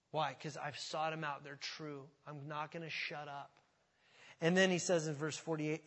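A man's voice: fairly high pitch, a little fast. A man preaching a sermon in a church, speaking conversationally and putting questions to the congregation. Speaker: pastor. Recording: hall reverb.

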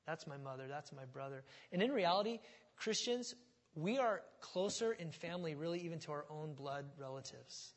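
A male pastor preaches in a slightly high voice, moving between easy, conversational asides and loud, emphatic build-ups. His words ring out with a long reverb that fills a large church sanctuary. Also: lively intonation, moderate pace. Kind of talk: sermon.

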